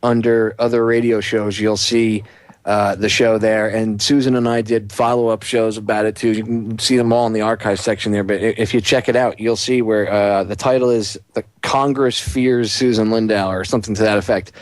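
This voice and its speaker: A man hosting a radio talk show, addressing listeners directly in a brisk way, recorded with a dry close sound. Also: on the low side, steady tone, no echo. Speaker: radio host.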